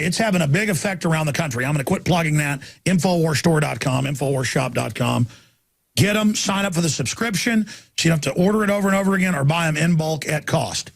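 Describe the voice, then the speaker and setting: A man hosting a talk radio show, delivering an impassioned ranting monologue that swings from shouts down to low murmurs. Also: gravelly, slightly rough.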